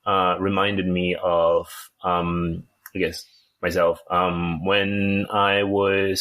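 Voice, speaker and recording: A man talking slowly and thoughtfully in a casual film club discussion, pausing often and restarting his sentences over a video call. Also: sits low, a bit bright. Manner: hesitant, thoughtful, many pauses and restarts.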